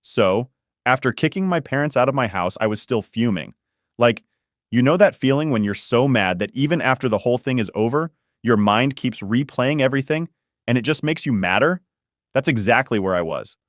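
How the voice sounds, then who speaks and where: A man's voice: mid-range voice, lively intonation, moderate pace, no room sound, studio quality. A man narrating a first-person family story in a casual, blunt way that swears freely.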